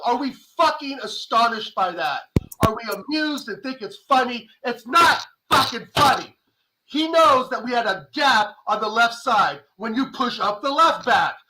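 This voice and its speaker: Angry man, high bright voice, raging, swearing fan rant. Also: rough recording. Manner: furious, swearing, shouting. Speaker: panel guest.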